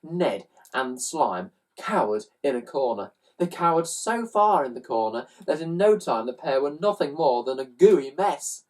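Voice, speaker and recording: A woman reads a children's story aloud, slow and low-pitched, her pitch swinging widely as she throws in sound effects. Her voice is husky and picked up from a little way off the mic. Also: far from the mic. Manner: animated, with loud sound effects.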